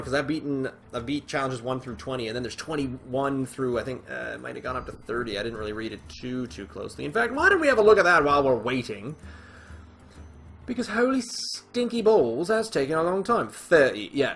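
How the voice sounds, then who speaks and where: A man's voice: medium pitch, lively intonation, a little fast, few pauses, fairly bright tone, slight background noise. A man giving casual gameplay commentary as a video host, rambling, self-deprecating and thinking aloud with frequent fillers and restarts.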